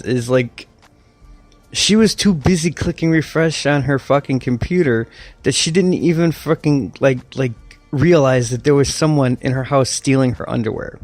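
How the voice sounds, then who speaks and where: A man's voice: medium pitch, a little mellow, no room sound. Rambling, mocking man ranting casually. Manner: rambling and mocking, with many restarts and swearing. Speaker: online commentator. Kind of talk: casual rant.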